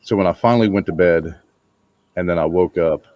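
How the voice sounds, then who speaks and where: A man co-hosting a casual podcast, telling a relaxed story. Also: sits low, brisk, lo-fi sound. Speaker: podcast co-host. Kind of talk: casual chat.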